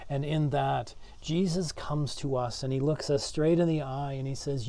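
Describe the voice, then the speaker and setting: A man's voice: medium pitch, fairly even intonation, normal speed, few pauses, warm tone, no room sound. A man, a pastor, giving a sermon in an earnest way, often repeating words as he builds his points. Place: church.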